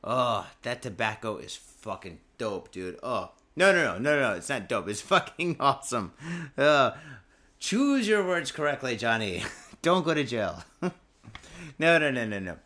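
A man's voice: medium pitch, big pitch swings, a little slow, sharp tone. Profane, rambling man hosting a podcast. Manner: profane, rambling, laid-back. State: drinking booze while talking. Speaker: podcast host. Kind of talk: casual drinking podcast chat and news reading.

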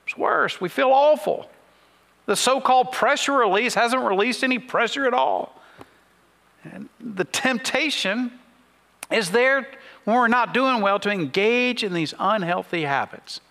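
A man's voice: very high voice, a little slow, gravelly, sharp tone, long reverb tail. A man preaching a sermon as a pastor, earnest and full of rhetorical questions. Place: church sanctuary.

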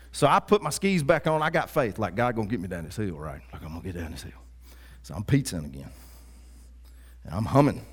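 A pastor telling a funny personal story in a sermon, with lively asides to the congregation. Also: male voice, mid-range voice. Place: church.

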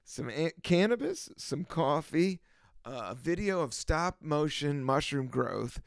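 A man's voice: fairly high pitch, lively intonation, measured pace, gravelly, dry recording, studio quality. A young man hosting a podcast, riffing casually and laughing often in a loose, rambling way. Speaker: podcast host.

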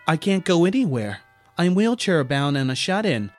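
A man voicing a desperate, weeping housebound woman calling tech support, pleading in a high, strained voice. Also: sing-song, moderate pace, dry recording, faint music behind.

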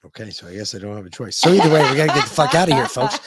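A man hosts a podcast with a lively, swinging voice, tossing off crude jokes and swearing all the time. His delivery is loose and casual. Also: medium pitch, rapid-fire, husky. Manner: crude, joking, swears a lot. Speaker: podcast host. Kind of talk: casual chat.

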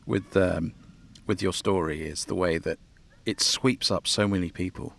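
A man's voice: low voice, fairly even intonation, moderate pace, gravelly. A man hosting a podcast as the publisher, chatting casually and laughing easily. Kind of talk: casual chat.

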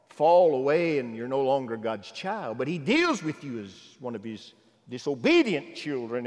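A man preaching a sermon who swings from loud exhortation to hushed, intimate asides. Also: mid-range voice, big pitch swings, normal speed, in a large hall.

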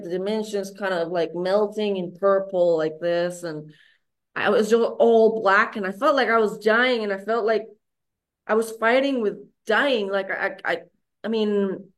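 A middle-aged woman frankly telling a raw personal story as a podcast guest, swearing freely and restarting her sentences. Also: medium pitch.

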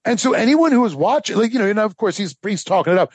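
A man co-hosting a history podcast, telling the story in a casual, animated way with lots of fillers. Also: sits high, quick pace, hardly any pauses, slightly rough, no echo. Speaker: podcast co-host.

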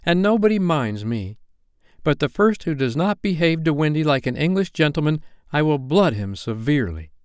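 A man's voice: on the high side, big pitch swings, normal speed, clean tone, no room sound, clean studio sound, pitched above the performer's own voice. A man reading aloud voices Toodles, a silly small boy speaking with sudden stiff dignity. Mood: dignified.

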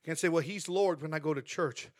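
A man preaching a sermon as pastor in a church sanctuary, swinging from shouted declarations to hushed asides. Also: fairly high pitch, fast talker.

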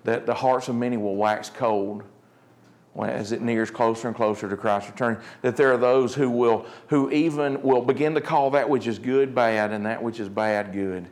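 A man preaching a sermon, swinging between joking asides and quiet, earnest points. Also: mid-range voice, normal speed. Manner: animated preaching, jokey asides, drops to quiet earnest tones. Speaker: pastor.

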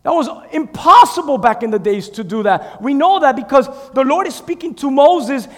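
A man preaching a fervent sermon, swinging from shouts to hushed asides. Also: very high voice, expressive, moderate pace. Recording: long reverb in a large hall.

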